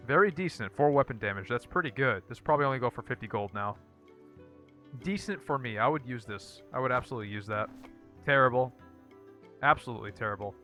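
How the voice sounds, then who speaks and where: A man giving casual gameplay commentary as a channel host, repeating blunt one-word verdicts in a dry, flat way. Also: medium pitch, fast, faint music behind.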